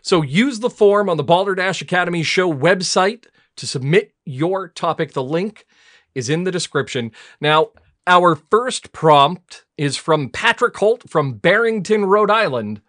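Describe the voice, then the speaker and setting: A man with a high, bouncing voice hosts a comedy podcast game. His delivery is playful and lively, with wide swings in pitch. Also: a little slow. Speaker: host.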